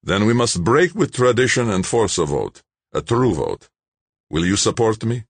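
Man playing a proud politician, formal and clipped, husky deep voice, lively delivery, dry. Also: moderate pace, no echo, full character voice. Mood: guarded, stern. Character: ambitious male politician, guarded and proud.

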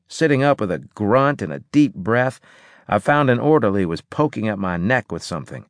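A male narrator reading a first-person audiobook chapter in a lowish voice with lively pitch. His delivery is dry and measured, and the recording is close and dry with no room sound. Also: no echo.

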